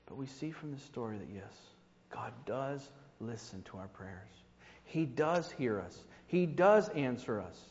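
A man's voice: medium pitch, animated, unhurried, a little mellow. A man preaching a sermon in a conversational way, with rhetorical asides to the congregation. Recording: dull reverberant hall recording.

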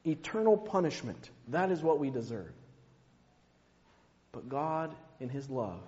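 A man preaching a sermon, slow and emphatic, dropping to a hush on key words. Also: medium pitch, very animated. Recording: muffled, long hall reverb.

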